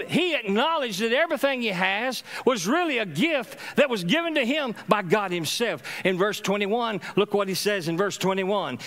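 A middle-aged man preaching a sermon as a pastor in a church, calling on the congregation to respond and swinging between loud exhortation and soft, low murmurs. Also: vocal fry. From Louisiana, USA. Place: church sanctuary.

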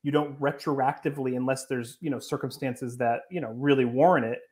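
Guest journalist dude, earnest and kinda defensive, lots of um and like, average pitch. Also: male voice, fairly even intonation, fairly quick, darkish tone. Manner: earnest, filler-heavy, defensive. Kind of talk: interview answers.

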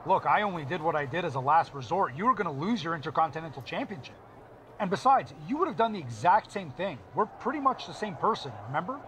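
An actor playing a smooth, persuasive male wrestling manager in a video game. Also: a little high, sing-song, quick pace, a bit bright, slight background noise. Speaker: game character.

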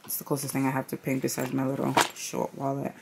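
A woman's voice: a bass voice, monotone, fast, gravelly, heavy background noise. A woman in her thirties, a stay-at-home mom, chatting casually in a vlog at home, rambling and slangy, sometimes dropping to a whisper during chores. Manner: drops into whispers while doing chores. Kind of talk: casual vlog chat to camera.

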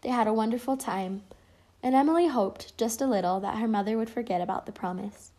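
A woman reading a children's picture book aloud in a lively, expressive way. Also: fairly high pitch, a little fast. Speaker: storybook reader.

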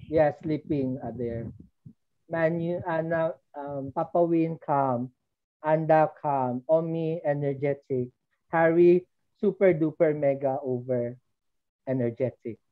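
A woman with a fairly low voice teaches an online English class for young children, patiently prompting and drilling their answers. The sound is dull and lo-fi, like audio sent over a video call. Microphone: computer mic on a video call.

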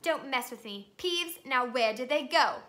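A woman voicing a grumpy old male caretaker who demands answers gruffly. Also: high voice, animated, unhurried, a bit bright. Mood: demanding.

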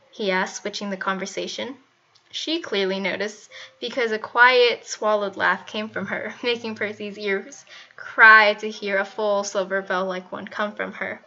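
A woman reading fan fiction aloud in a steady storytelling manner. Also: mid-range voice, unhurried. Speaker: fanfiction reader. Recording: muffled, faint music behind.

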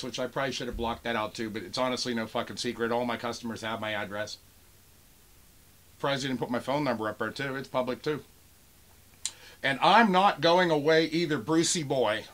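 A man with a Pittsburgh accent, ranting with real heat and sarcasm at a buyer. He swears freely, mimics the messages he reads in a mocking voice, and sits at a middle pitch with no unusual tone. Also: fairly bright tone. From Pennsylvania. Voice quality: profane, heated, sarcastic. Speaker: toy seller and channel owner. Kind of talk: angry rant vlog.

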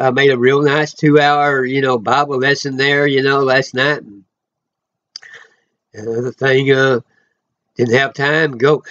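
A man giving an informal, rambling sermon he records himself, full of emotional asides and sudden loud exclamations. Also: medium pitch, highs cut off. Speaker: preacher.

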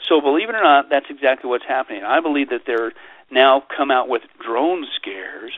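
A man is a guest on a call-in radio show, heard over a thin, tinny phone line with no room sound. His voice sits at an ordinary middle pitch. He talks in an animated, repetitive way and drops into sarcastic mock quotes. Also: normal speed, no echo. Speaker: guest speaker. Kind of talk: radio interview talk.

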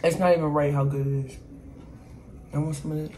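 This woman's voice sits low and warm, brisk in pace with fairly even intonation, as she cooks and eats for her vlog. She talks straight to "y'all," tasting and playfully bragging about her food, over slight background noise.

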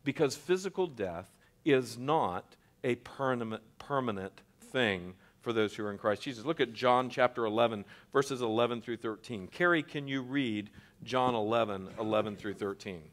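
A man preaching a teaching sermon in a church at an ordinary middle pitch. He speaks earnestly and slows down to stress important words, and he often stumbles and restarts a phrase. His tone is that of a pastor explaining carefully to a class. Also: fairly bright tone. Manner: earnest, emphatic, with frequent restarts and slowed stresses.

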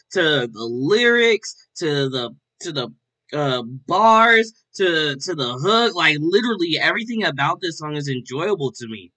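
A man hosts a casual music reaction in a bright, forward voice. He talks in an upbeat, loose way and keeps tossing in "like" and "all right?" between thoughts. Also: on the high side. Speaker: host.

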